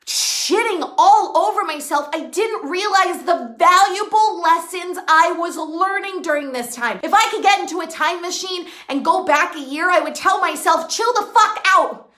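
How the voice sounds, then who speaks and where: A woman's voice: very high-pitched, moderate pace, hardly any pauses, fairly bright tone, echoey room. A woman business coach giving a blunt, profane, emphatic motivational talk. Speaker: women's empowerment and business coach. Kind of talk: motivational monologue.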